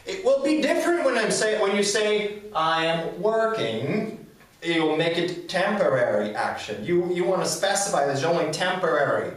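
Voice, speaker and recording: Echoey, high-voiced man teaching grammar. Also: very animated, normal speed, recorded from a distance. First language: Ukrainian. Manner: patient, repeats "all right?" and "okay?". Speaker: English teacher. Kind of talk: explanatory lesson. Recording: echoey room, speaker away from the mic.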